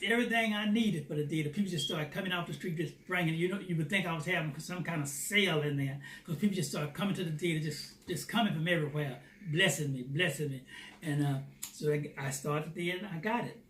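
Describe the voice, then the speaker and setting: A man telling a personal faith testimony as a lively storyteller who acts out the dialogue. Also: on the high side, a little fast, hardly any pauses. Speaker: Christian theater founder. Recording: roomy, distant mic, faint noise.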